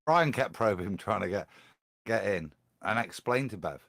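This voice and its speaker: A man on a live-stream panel chatting in a rambling, animated way. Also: fairly low pitch, measured pace, creaky, dry recording, clean studio sound. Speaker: panel guest.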